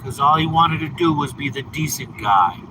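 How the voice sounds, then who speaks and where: A man's voice: a little high, lively intonation, normal speed, noisy background. A man livestreaming from a car, teasing and scolding viewers in his chat in casual talk. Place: in a car on a snowy road.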